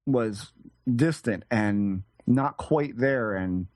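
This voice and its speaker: Halting man on a dry mic. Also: on the low side, darkish tone, no room sound. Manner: halting, searching for words, frequent restarts. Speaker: guest. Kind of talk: recounting a personal experience in conversation.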